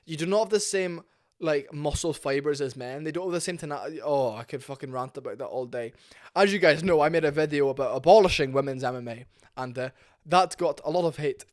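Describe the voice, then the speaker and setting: A man's voice: a little high, expressive, fast talker, a little mellow. A man ranting bluntly in a casual, sweary vlog about fighting. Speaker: MMA commentary vlogger. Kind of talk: opinionated casual rant.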